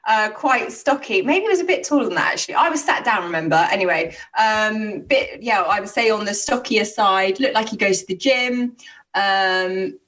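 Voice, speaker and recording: A woman's voice: mid-range voice, animated, normal speed, a bit bright, distant mic. A young woman telling stories in casual chat, swearing freely and restarting her sentences. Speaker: podcast co-host telling stories.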